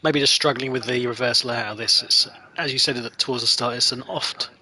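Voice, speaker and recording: A man's voice: mid-range voice, steady tone, a little fast, pushed and bright. A man from North Kent, co-commentating a race with dry, teasing banter. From North Kent, England. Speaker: league host and co-commentator. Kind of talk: casual live race commentary.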